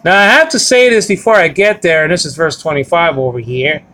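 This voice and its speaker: A man's voice: a little high, a little fast, sharp tone. A man teaching a Bible lesson, walking through Greek words on screen, emphatic and repetitive with frequent "okay?" check-ins.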